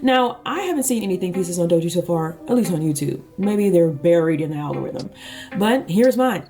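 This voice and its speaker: A woman's voice: lowish voice, lively intonation, fairly quick, dark tone. Playful woman music commentator. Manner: playful, sarcastic asides. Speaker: YouTube commentator. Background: background music.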